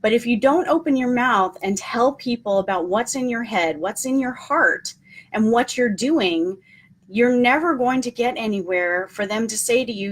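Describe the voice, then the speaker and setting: Hosting a casual live stream, this woman offers earnest encouragement, often saying "um" and repeating her main points as a motivational speaker. She has a fairly high pitch and a moderate pace.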